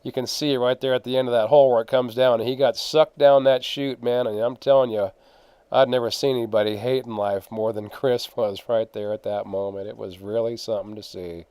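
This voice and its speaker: A man's voice: medium pitch, steady tone, fairly quick, a little mellow, smooth, dry recording. A man casually narrating his own gold prospecting photos, rambling with fillers and laughs. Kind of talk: casual storytelling.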